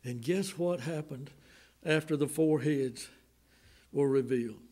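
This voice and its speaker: A Southern American man preaching in a church, his voice pitched fairly high and his delivery slow and drawn out. He rises to loud outbursts and drops to hushed, slowed lines as he drives his points home. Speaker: pastor. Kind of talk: sermon. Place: church sanctuary.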